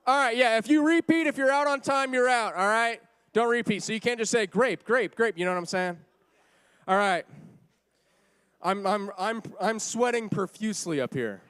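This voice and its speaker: High-voiced man hosting a rowdy game. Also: normal speed, clear, resonant tone. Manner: playful, teasing, bursts of shouting. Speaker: youth group game host. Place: crowded church room.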